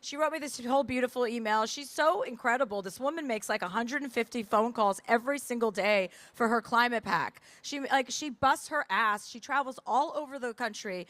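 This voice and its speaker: Woman author on stage, pitched a bit high, dry mic, frank and chatty with restarts. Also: a bit bright, no echo. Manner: fast, candid, many fillers and restarts. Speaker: author and guest. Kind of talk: onstage conversation. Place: festival stage.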